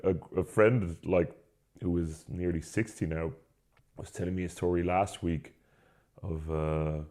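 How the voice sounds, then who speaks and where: A man's voice: deep voice, fairly even intonation, unhurried, dark tone. A man co-hosting a podcast, chatting casually and telling stories loosely, laughing along. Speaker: podcast co-host. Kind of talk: casual chat.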